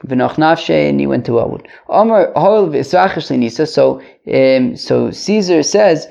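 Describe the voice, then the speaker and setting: A man hosting a podcast, reading Aramaic phrases slowly and then paraphrasing them quickly in English, with casual asides. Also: a little high, vocal fry, warm tone. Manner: casual asides with frequent fillers. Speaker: podcast host teaching Talmud. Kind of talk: casual Talmud lesson, reading and translating. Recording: dull lo-fi audio.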